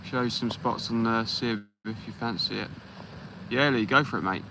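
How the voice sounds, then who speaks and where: This is an English man hosting a fishing livestream from the beach at night, chatting easily and casually with viewers and greeting them by name as he fishes. His voice sits in the mid-range and moves at a normal speed, with noise in the background.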